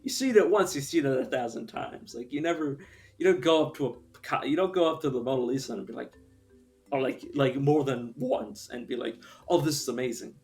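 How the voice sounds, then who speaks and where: A man's voice: medium pitch, a little fast, darkish tone. Rambling young man streaming over faint music. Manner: rambling, opinionated, laughs often, swears. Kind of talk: casual stream chat.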